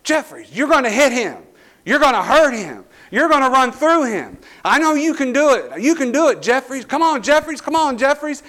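A man voicing a male junior-high football coach who keeps yelling encouragement at a player. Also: fairly even intonation, normal speed, few pauses. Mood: urging. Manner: yelling, repetitive, pushing.

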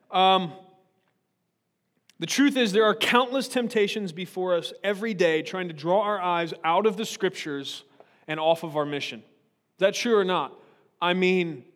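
High-voiced preacher man in a reverberant hall. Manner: joking, frequently checks in with listeners. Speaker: pastor. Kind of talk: humorous conversational sermon.

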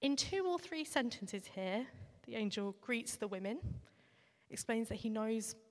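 A woman giving a sermon in a reflective, conversational way, now and then pausing with fillers. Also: fairly high pitch, expressive. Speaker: preacher. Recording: long reverb of a large hall.

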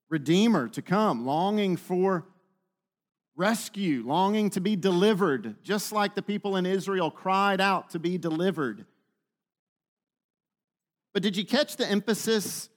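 A man preaching a sermon, teaching with frequent rhetorical questions to the room. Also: sits high. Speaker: pastor.

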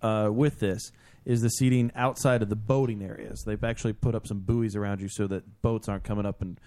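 A man's voice: lowish voice, steady tone, fairly quick, dark tone. A man joking and swearing in a casual radio chat, laughing a lot. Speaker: musician guest.

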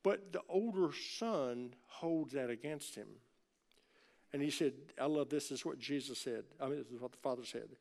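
A man preaching a sermon in a church, in a conversational way that swings from loud emphatic peaks to soft low asides and jokes with the congregation. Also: normal speed, creaky. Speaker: pastor.

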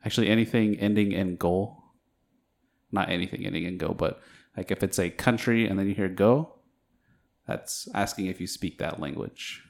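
A man's voice: low-pitched, normal speed, gravelly. A man co-hosting a casual podcast chat, talking in a laid-back, hesitant way and laughing often. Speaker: podcast co-host.

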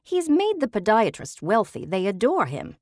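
A woman's voice: medium pitch, wildly swooping pitch, normal speed, no echo, clean studio sound, pitched above the performer's own voice. Woman voicing a haughty, grand society dame. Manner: imperious, theatrical. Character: haughty wealthy dame with put-on British airs. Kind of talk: audiobook character voice.

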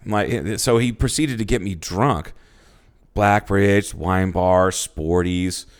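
Low-voiced man telling loose, profane stories. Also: slow. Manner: loose storytelling, swears freely, acts out quotes. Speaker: podcast co-host. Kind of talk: casual chat.

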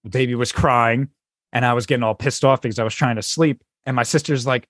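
A man co-hosting a podcast in casual chat, retelling comedy bits with animated put-on voices. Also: medium pitch, quick pace, dry recording, clean studio sound. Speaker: podcast co-host.

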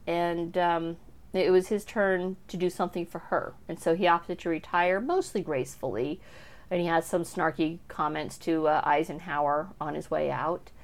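A young woman casually talking through a book she has read, chatty and full of asides. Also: lowish voice. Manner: chatty, with frequent fillers and asides. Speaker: book reviewer. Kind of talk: casual book review talk.

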